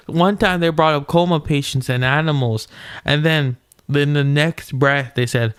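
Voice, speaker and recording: A man's voice: on the high side, moderate pace, smooth, dry recording, clean studio sound. A young man reading a philosophy paper aloud late at night, breaking off into rambling, slangy asides full of restarts. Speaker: solo reader commenting on a philosophy paper. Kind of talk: casual late-night read-aloud with commentary.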